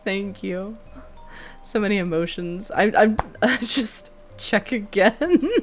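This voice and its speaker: A woman's voice: medium pitch, slow pace, soft background music. A young woman streaming live, chatting casually with viewers, swearing freely and thanking them by name.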